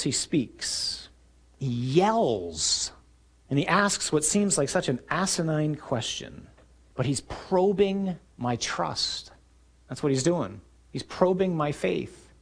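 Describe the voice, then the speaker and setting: A man preaching a sermon, telling stories vividly and acting out scenes, rising to shouts and dropping low and quiet for emphasis. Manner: storytelling, acts out scenes with raised shouting voice.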